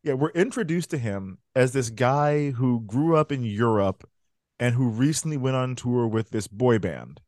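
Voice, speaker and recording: A man co-hosting a podcast, recapping a movie in animated, profane casual chat. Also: mid-range voice, unhurried, no room sound, clean studio sound. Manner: animated, swearing, laughs often. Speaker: podcast co-host.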